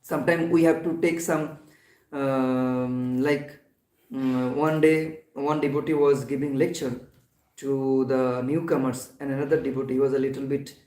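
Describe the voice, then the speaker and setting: A man giving a devotional class in a temple hall. He talks haltingly, with many fillers and restarts. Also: mid-range voice, level tone, darkish tone. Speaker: temple lecturer. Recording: echoey temple hall, mic at a distance.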